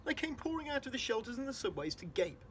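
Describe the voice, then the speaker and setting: A man's voice: very high-pitched, big pitch swings, fast talker, a bit bright, slight background noise. A man reading a children's storybook aloud, explaining hard words for young listeners.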